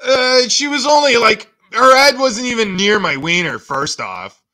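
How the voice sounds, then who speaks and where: A man's voice: very high voice, animated, unhurried, pushed and bright, faint music behind. A man hosting a reaction video, making crude, mocking asides about the clips. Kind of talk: casual reaction commentary.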